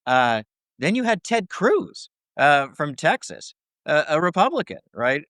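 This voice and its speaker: A man's voice: fairly high pitch, very animated, unhurried, fairly bright tone, dry recording, studio quality. A man answering interview questions as a scholar, talking in long explanations and checking in with "right?" between points. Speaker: First Amendment scholar guest.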